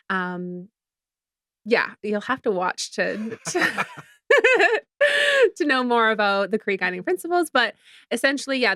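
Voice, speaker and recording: A woman's voice: mid-range voice, fairly bright tone, no room sound, clean studio sound. A woman in her thirties from Canada, a film producer and director chatting as a guest and filling her talk with "like" and "um". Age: 30s. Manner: chatty, many fillers like "like" and "um". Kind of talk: casual interview chat.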